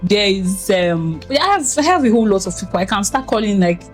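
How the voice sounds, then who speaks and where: A woman co-hosting a casual podcast, expressive and openly sentimental. She talks a lot and acts out the people she quotes in lively voices. Her voice sits at a middle pitch, with soft music faintly underneath. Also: fairly quick. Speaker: podcast co-host.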